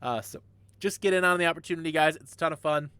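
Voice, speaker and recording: A man's voice: on the high side, fast talker, bright, forceful tone, clean tone, no echo. A man hosting a casual livestreamed podcast, running through announcements in an upbeat, rambling way with jokey asides. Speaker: podcast host.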